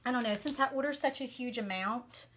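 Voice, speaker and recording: A woman's voice: on the high side, brisk, fairly bright tone, a little hiss or hum. A woman with a Southern American accent chatting casually with viewers as she works on a craft live stream, with plenty of fillers along the way. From Southern United States. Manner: chatty, talks to viewers while working, many fillers. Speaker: craft vlogger.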